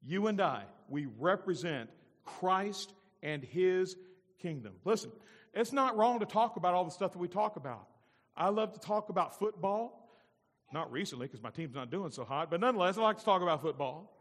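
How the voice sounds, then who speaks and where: A man preaching a sermon as pastor, moving between loud emphatic lines and soft, low-spoken asides. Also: animated, normal speed, in a large hall.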